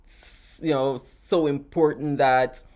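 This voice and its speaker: A woman from the United States with a notably low voice talks to viewers in a live-stream Q&A. She rambles in a relaxed, chatty way and laughs often. Her voice comes through a webcam or phone mic. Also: slow pace. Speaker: family travel vlogger.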